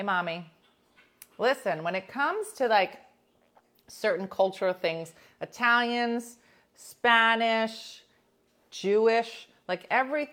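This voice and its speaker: A middle-aged woman hosting a radio show, chatting casually and telling animated stories. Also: fairly high pitch. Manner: animated storytelling, imitates voices in anecdotes. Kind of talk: casual chat.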